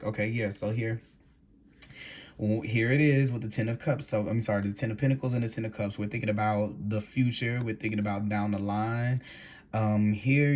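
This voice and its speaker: Male tarot reader, lowish voice, reflective and meandering delivery. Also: darkish tone. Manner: musing, searching for words, many restarts. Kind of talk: tarot card reading.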